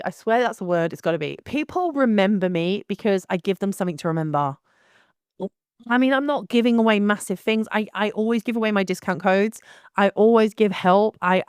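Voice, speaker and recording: Woman ranting on her podcast, blunt and lively, dry close mic. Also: mid-range voice, no room sound. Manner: blunt, animated, frequent restarts and laughs. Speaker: photographer hosting her own podcast. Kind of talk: casual monologue.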